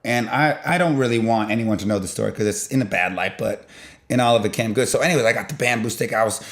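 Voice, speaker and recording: Rambling young man, slightly low voice. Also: quick pace. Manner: rambling, peppered with "blah blah" and "boom"; animated, jumps in loudness while retelling. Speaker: vlogger. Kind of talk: casual rambling storytelling.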